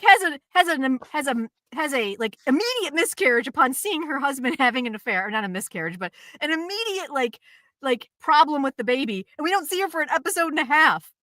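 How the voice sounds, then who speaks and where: A woman's voice: high-pitched, dry recording, studio quality. A woman co-hosting a casual chat show, ranting animatedly about a drama and acting out its scenes. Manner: animated, ranty, swears, acts out scenes. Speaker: co-host.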